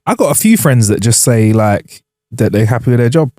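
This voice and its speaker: A man co-hosting a podcast, chatting casually in slang and chiming in with quick agreement. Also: medium pitch, sing-song, mellow, no room sound, clean studio sound. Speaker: podcast co-host. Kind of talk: casual chat.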